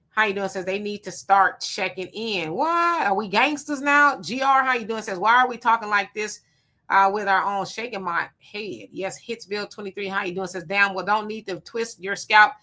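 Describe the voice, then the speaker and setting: A woman hosting a casual livestream, reading viewer comments aloud and giving quick, relaxed replies. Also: medium pitch. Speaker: livestream host.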